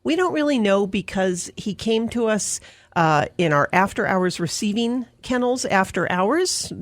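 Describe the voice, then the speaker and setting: A woman's voice: medium pitch, lively intonation, unhurried, dry recording. A woman from an animal shelter, chatting on a morning radio show and describing an adoptable puppy in an upbeat, gushing way. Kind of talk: casual radio chat.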